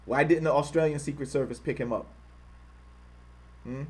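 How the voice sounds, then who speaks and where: Husky man hosting a heated livestream. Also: moderate pace. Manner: repetitive, grows loud and high when heated, mocking quoted voices. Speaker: online show host. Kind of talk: livestream commentary reading from a screen.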